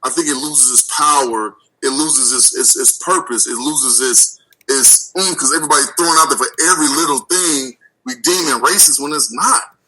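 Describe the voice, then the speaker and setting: A man hosting a radio talk show, arguing in animated, repetitive casual chat and acting out little back-and-forth exchanges. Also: mid-range voice, husky, poor audio. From United States. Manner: animated, repeats words, acts out quick dialogues.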